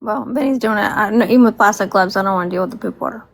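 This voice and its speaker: A woman's voice: medium pitch, very fast, low-quality recording. A woman co-hosting a live stream, chatting casually and frankly teasing about her partner's chores. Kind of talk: casual chat.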